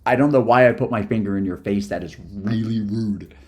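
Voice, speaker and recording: A man's voice: on the low side, fairly quick, a little mellow. A man chatting casually on a live stream, hyper and rambling from topic to topic after no sleep. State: sleep-deprived.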